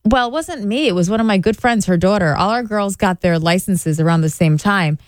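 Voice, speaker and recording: A woman in her forties co-hosting a talk show, chatting casually and telling lively stories with frequent laughter. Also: mid-range voice, a little fast, no echo. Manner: chatty, animated storyteller who laughs often. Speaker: radio show co-host. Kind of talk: casual chat.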